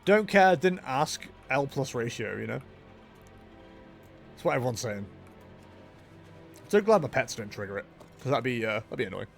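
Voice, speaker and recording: A man's voice: mid-range voice, big pitch swings, moderate pace, gravelly, pauses often, soft background music. A young man giving casual, jokey gameplay commentary as a streamer, chatting with his viewers. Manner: jokey, self-mocking, chatty with chat. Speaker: game streamer.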